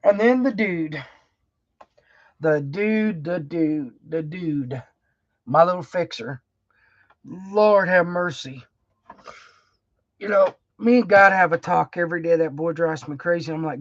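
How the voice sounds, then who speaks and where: A middle-aged woman talks slowly and warmly to viewers of her livestream, rambling and laughing in a folksy, emotional way. The sound is dry and close, a little dull and lo-fi. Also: on the low side, dry recording. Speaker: livestream host. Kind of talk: casual heartfelt livestream chat.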